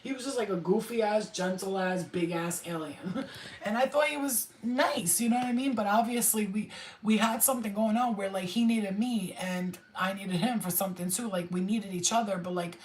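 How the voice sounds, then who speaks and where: A woman chatting casually on a spiritual livestream, excitable and slangy, swearing freely. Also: medium pitch, normal speed, reverberant, a little hiss or hum, low-quality recording.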